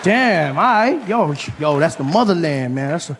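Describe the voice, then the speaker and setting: A man playing an excitable young male comedian who stammers and repeats filler words. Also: medium pitch, measured pace, a little hiss or hum, lightly acted. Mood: excited.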